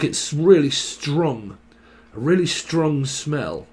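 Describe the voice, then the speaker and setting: A man's voice: fairly high pitch, animated, slow, darkish tone, husky. A young man doing a casual tarot reading, rambling through word associations with crude jokes and frequent laughter. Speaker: tarot reader. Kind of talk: casual off-the-cuff tarot channelling.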